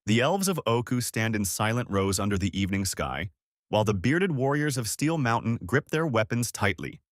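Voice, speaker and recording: A man reading a scripted story recap in an even, descriptive storytelling delivery on a close mic. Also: lowish voice, moderate pace, no room sound. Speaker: recap narrator.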